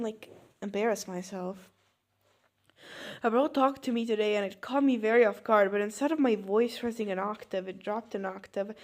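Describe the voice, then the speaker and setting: Brief: animated woman comedically reading posts aloud, bright higher voice, flips from deadpan to loud. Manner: animated, swings between deadpan mutters and loud outbursts. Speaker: reader of social media posts.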